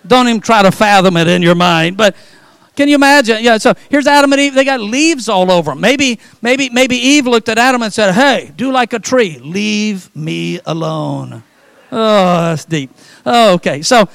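A middle-aged male pastor preaching a sermon, animated, acting out quoted voices and joking with the congregation. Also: sits high, clean tone, no room sound.

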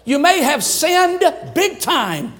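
A man's voice: very high voice, big pitch swings, slow, a bit bright. An older man from Louisiana preaching a sermon in an emphatic, repetitive cadence. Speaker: pastor.

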